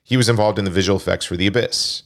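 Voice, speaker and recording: Deep-voiced man reading film credits. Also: steady tone, racing, fairly bright tone. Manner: reads film credits, chatty with frequent fillers. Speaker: podcast host. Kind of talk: casual movie podcast chat.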